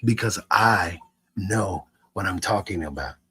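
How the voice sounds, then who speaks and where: A man's voice: low-pitched, a little slow, sharp tone, breathy edge. A man streaming live, ranting at his chat in a profane, repetitive way with stammered restarts.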